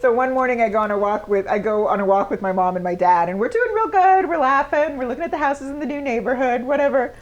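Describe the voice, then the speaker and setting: A woman's voice: on the high side, animated, fast talker, hardly any pauses, muffled recording. A woman co-hosting a podcast, chatting casually with a dry, teasing manner. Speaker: podcast co-host. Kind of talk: casual chat.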